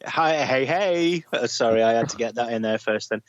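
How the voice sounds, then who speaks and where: A man's voice: medium pitch, moderate pace, no echo, dull audio. Wry man grumbling in podcast chat. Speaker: podcast co-host.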